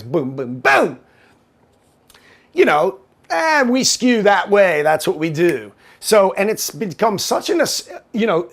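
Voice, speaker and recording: A man hosting a call-in talk show, ranting with sarcasm and rambling through many restarts. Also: on the high side. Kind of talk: opinionated political rant.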